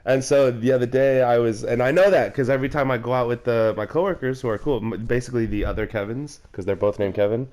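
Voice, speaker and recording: A man's voice: mid-range voice, fast, few pauses, darkish tone. A young man rambling through a personal story in casual chat with a friend while gaming, swearing and calling him bro. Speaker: player chatting with a friend. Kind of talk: casual chat during a game.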